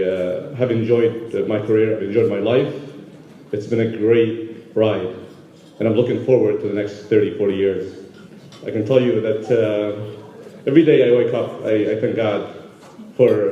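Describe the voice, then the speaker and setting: A man from Yemen giving a halting, emotional award acceptance speech full of fillers at a gala. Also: lowish voice, dark tone. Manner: halting, many fillers, moved. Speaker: award recipient. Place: large banquet hall. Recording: roomy hall, dull sound.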